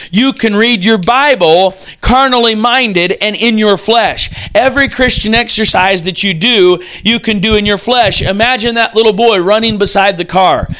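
A man's voice: high voice, sharp tone. A man preaching a sermon, telling vivid stories and acting out the quotes. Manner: vivid storytelling, acts out quotes.

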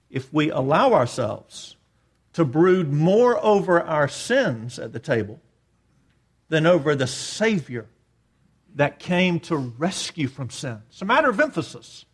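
A man preaching a sermon, emphatic, swinging between raised declarations and quiet asides. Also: fairly high pitch, lively intonation, slow, breathy edge. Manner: emphatic preaching, rising and dropping in volume. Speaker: pastor.

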